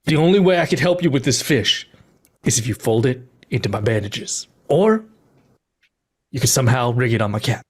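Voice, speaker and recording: A man's voice: mid-range voice, expressive, normal speed, slightly rough. A man doing a bashful mummy mascot with an odd accent. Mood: sheepish. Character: shy bashful male mummy mascot, lonely.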